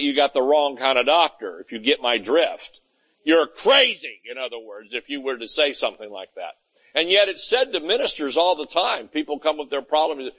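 A man's voice: fairly high pitch, a bit bright, low-quality recording. A man preaching a conversational sermon, often asking "Amen?" and acting out little scenes of everyday talk. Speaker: pastor.

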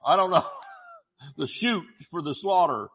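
Male pastor, slow deliberate delivery, fairly high voice, dull lo-fi sermon audio. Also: expressive, slightly rough. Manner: preaching with scripture, jokes and sudden shouts.

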